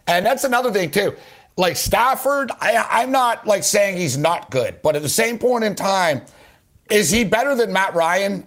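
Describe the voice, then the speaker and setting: A man hosting a sports talk radio show, arguing his takes on football trades in an animated, rapid way. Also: sits high. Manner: animated, rapid, argumentative, keeps addressing his guest.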